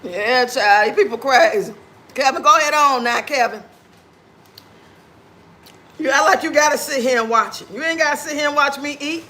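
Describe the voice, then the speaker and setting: A man's voice: extremely high pitch, normal speed, pauses often, pushed and bright, a little hiss or hum. A man hosting a casual livestream while eating, talking with food in his mouth and trading blunt, sassy trash talk with his chat viewers. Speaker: livestream host.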